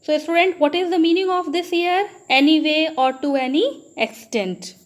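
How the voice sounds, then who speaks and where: A woman's voice: high-pitched, normal speed. A woman teacher with an Indian English accent giving a grammar lesson, often addressing the students and asking, then answering, her own questions. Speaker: school teacher.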